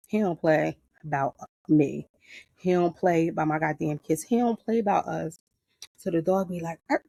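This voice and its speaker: Out in her backyard garden, a middle-aged podcast host from Paterson, New Jersey, chats casually and unscripted in a deep, gravelly voice. She tells stories in a blunt, profane, animated way, recorded with a close, dry sound.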